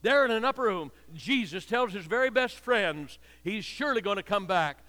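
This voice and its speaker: A man's voice: high voice, lively intonation, normal speed, sharp tone. An older man preaching a sermon with impassioned, repetitive cadences, heard with long reverb in a hall.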